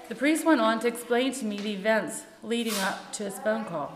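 A woman who teaches music, reading her own first-person story in a measured, earnest way. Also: on the high side. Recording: echoey room with long reverb.

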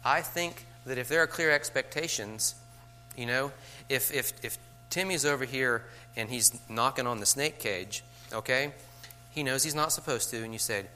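A man's voice: mid-range voice, normal speed, bright, forceful tone, slight background noise. A man giving a conversational lecture to teachers, checking in with "okay?" after many points and acting out classroom scenes. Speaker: teacher trainer.

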